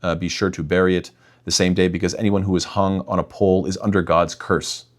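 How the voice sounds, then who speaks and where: A man's voice: sits low, flat delivery, a little fast. A young man talking straight to his listeners in an emphatic religious rebuttal, often calling them "guys". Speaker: imam and apologetics speaker.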